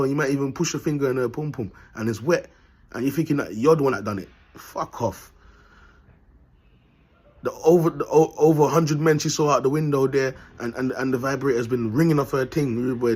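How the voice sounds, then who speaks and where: A husky-voiced man speaks straight to camera in a loose, rambling monologue. He talks bluntly, piles on street slang and breaks into laughter often. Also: medium pitch, a little mellow. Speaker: vlogger.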